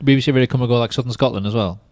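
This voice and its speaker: A man hosting a podcast, chatting casually with his guest, quick and lively, and he laughs easily. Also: mid-range voice, dry recording. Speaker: podcast host. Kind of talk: casual interview chat.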